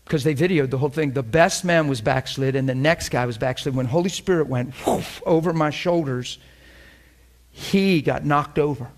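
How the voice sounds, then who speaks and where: Animated laughing male preacher. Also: a little high, moderate pace. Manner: animated, laughs often, drops to a hushed tone for reverent parts. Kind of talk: sermon with storytelling.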